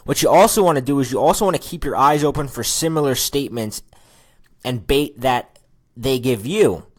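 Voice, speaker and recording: A man talks through a recorded lesson on small talk at a middle pitch. He keeps it loose and chatty and slips into quick acted snippets of sample dialogue. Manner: casual and chatty, acts out sample lines. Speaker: dating and conversation coach.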